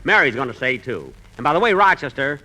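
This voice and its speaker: 1940s radio comic host, bright, swooping indignation. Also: male voice, medium pitch, big pitch swings, quick pace. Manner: exasperated, indignant comic timing. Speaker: comedy show host.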